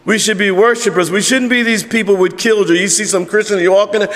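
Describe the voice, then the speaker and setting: High-voiced pastor preaching in a reverberant church. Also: male voice, brisk, hardly any pauses, a bit bright. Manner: emphatic, conversational preaching with rhetorical questions. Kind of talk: sermon. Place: church sanctuary with congregation. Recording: long hall reverb in a church.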